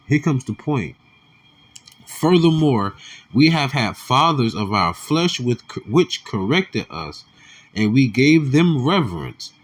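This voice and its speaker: A man giving casual religious commentary, reading scripture aloud with slang and quiet muttered asides. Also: medium pitch, husky.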